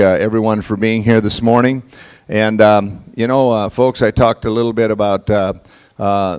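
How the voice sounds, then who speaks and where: A man hosting a graduation ceremony, speaking to the class and the audience in a halting way, with many fillers and restarts. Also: on the low side, darkish tone, clear, resonant tone. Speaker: auction school leader hosting a graduation.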